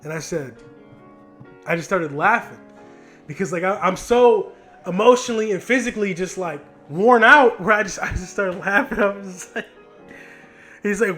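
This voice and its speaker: A young man of 20 with a somewhat high voice tells a long, aggravated story in a casual vlog. He speaks into a handheld mic in his home studio, cursing freely and restarting sentences as he vents. Music sits faintly underneath. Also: animated, moderate pace, a bit bright. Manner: frustrated, rambling, heavy swearing with many restarts. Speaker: vlogger telling a story. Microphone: handheld microphone.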